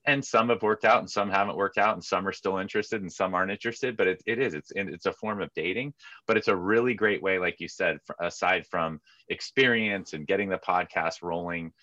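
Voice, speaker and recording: Middle-aged male sports podcast co-host, deep and bright, chatty, lo-fi home recording. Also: a little fast, dry recording. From California. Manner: chatty, animated, jumps into squeaky mock voices. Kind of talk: casual sports chat. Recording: dull lo-fi mic sound.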